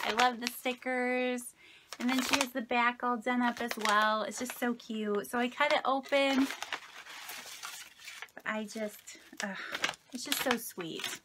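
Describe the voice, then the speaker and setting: A woman's voice: a little high, background noise. Gushing woman opening craft mail. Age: 30s. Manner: gushing, delighted, soft-spoken. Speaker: craft vlogger. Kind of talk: casual mail-opening vlog.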